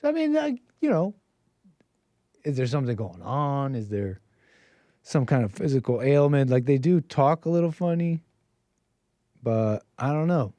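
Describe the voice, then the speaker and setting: A man's voice: mid-range voice, sing-song, normal speed, long pauses, warm tone, dry recording. Rambling man host, dry close sound. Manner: rambling, mocking, restarts often. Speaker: call-in show host. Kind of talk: casual commentary.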